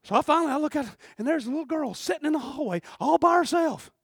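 A man preaching a sermon, fervent and storytelling, swinging from shouted bursts to hushed passages. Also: very high voice, expressive, quick pace, dry recording, clean studio sound.

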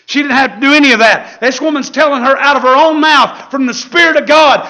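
Preacher guy, real high bright voice, fiery, hollers now and then. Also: fairly quick, few pauses. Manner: fiery, preaching with shouted peaks and laughs. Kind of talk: sermon.

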